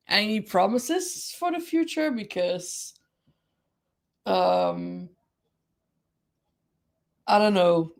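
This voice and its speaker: Slow-talking chatty woman streamer. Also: mid-range voice. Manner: chatty, giggly, greets viewers by name. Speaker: livestream host. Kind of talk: casual livestream chat.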